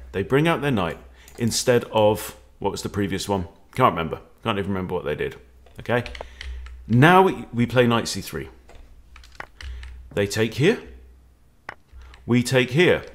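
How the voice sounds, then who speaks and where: A man, a chess coach walking through openings in a playful, jokey way. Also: on the low side. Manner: playful, animated, jokey with exclamations. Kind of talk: chess lesson walkthrough.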